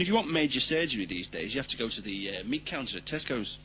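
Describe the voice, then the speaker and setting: A man from London with a London accent, delivering a comic monologue in a ranting style that swings from deadpan to shouting. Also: mid-range voice, fast, few pauses, slight background noise. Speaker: comedian.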